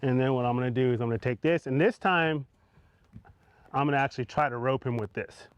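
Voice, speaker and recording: A man, a horse trainer, explaining what he is doing as he works a horse with a rope, calm and coaxing, with soft words of praise between steps. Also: medium pitch, fairly quick, clear, resonant tone, no echo, highs cut off. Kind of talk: instructional demonstration.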